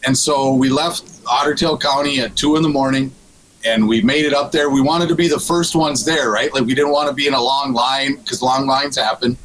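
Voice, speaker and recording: A man's voice: mid-range voice, steady tone, normal speed, a bit bright, rough recording. A man guesting on a radio show, telling a fishing story in casual chat, with frequent restarts and laughs. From Minnesota.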